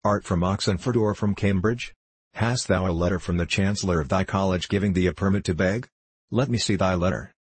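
A man's voice: sits low, brisk, breathy edge, no room sound. A man reading the part of a stern, commanding medieval bailiff who talks in old-fashioned, blustering speech.

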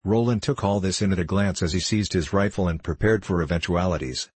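Male audiobook narrator: measured, low and husky, dry. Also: a little mellow, dry recording. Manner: measured storytelling. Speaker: audiobook reader.

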